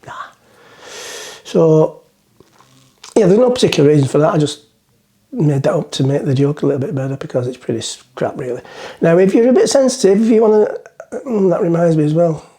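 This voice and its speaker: A man's voice: fairly high pitch, big pitch swings, a little fast, dark tone. A middle-aged man, rambling through a joke as he talks to the camera from the front of a boat. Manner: rambling, self-mocking, chatty. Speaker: vlogger. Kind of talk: casual chat to camera, joke-telling.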